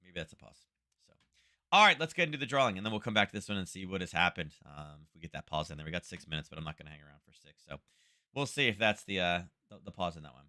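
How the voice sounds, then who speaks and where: Speaking fast in a low, expressive voice with a bright, forceful edge, this trading livestream host gives casual live market commentary. He reasons out loud, tacks "right?" onto his points, and talks to viewers by name.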